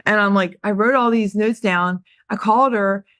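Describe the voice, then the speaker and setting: A woman's voice: mid-range voice, normal speed, fairly bright tone, dry recording. Older woman host, talkative and self-deprecating, everyday register, dry close recording. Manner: chatty, self-deprecating, laughs at herself. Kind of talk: casual motivational talk on a group call.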